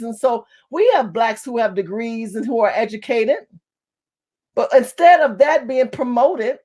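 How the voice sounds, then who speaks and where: A woman from California, an activist, giving an impassioned political monologue. She talks fast and forcefully and repeats phrases for emphasis. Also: high voice. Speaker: community activist.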